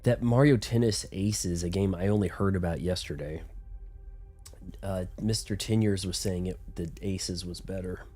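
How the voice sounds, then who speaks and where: Low, mellow-voiced man streaming a game. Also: normal speed, faint music behind. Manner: rambling, chatty, self-deprecating. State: congested from illness. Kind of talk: casual gameplay commentary.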